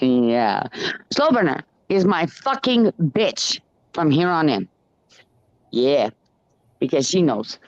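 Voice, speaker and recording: Man ranting profanely, lively swooping pitch, dull dry lo-fi sound. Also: no room sound. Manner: rambling, profane, chanting and sing-song. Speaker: ranting monologuist. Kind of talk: profane stream-of-consciousness rant.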